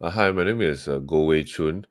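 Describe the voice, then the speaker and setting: A man's voice: extremely low pitch, moderate pace, no room sound, clean studio sound. A man with a Singaporean English accent, a guest on a podcast, talking casually and rambling with many fillers and restarts. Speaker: podcast guest, webcomic co-founder. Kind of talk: casual interview talk.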